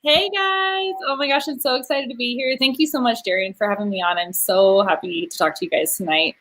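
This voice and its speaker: A woman's voice: a little high, a little fast, a bit bright. A cheerful woman from California, a guest in a casual live-stream chat, who laughs easily.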